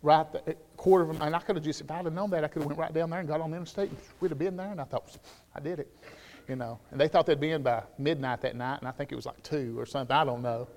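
A man with a Southern US accent preaching a sermon, shifting between loud, shouted declarations and quiet, conversational storytelling. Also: a little high, steady tone, rapid-fire. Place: church sanctuary. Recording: long reverb of a church hall.

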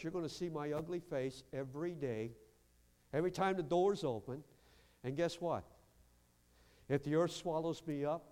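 A man preaching a lively sermon as pastor in a church, acting out quotes and breaking into shouts. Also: on the high side, clear, resonant tone. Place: church sanctuary. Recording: long hall reverb.

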